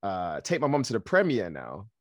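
A man from Africa, an actor guest, telling stories in a lively, casual way, laughing often and swearing now and then. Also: on the low side, normal speed, dry recording, studio quality. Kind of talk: casual storytelling.

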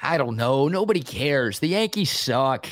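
Energetic male sports radio host, dry sound. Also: mid-range voice, dry recording. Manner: energetic, quick with stats, enthusiastic about the standings. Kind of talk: casual sports talk and analysis.

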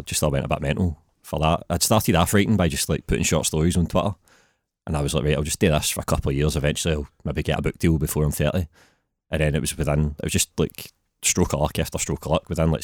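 Deep-voiced Glaswegian man. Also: steady tone, fast, no room sound, clean studio sound. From Scotland. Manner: laid-back, laughs easily. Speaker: guest writer. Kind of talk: casual podcast chat.

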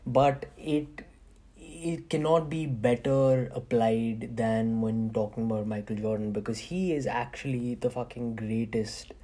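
A man's voice: medium pitch, steady tone, a little slow, dark tone. Profane, rambling young podcast host man. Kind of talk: casual podcast monologue.

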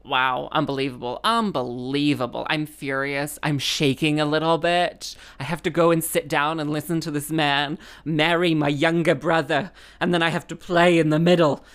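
A woman's voice: low voice, little pitch movement, moderate pace, few pauses. A woman, a musician telling a rambling comic story, full of fillers and exasperation.

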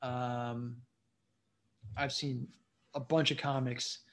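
A man's voice: medium pitch, flat delivery, slow, a bit bright. A man who is a comedian, a guest on a casual interview, telling rambling stories and often asking "you know what I mean".

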